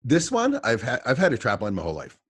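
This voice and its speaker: A man's voice: mid-range voice, wildly swooping pitch, fast talker, a bit bright, slightly rough. A man, a trapper guest on a podcast, telling rambling stories from his office and chuckling often. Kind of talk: casual podcast chat.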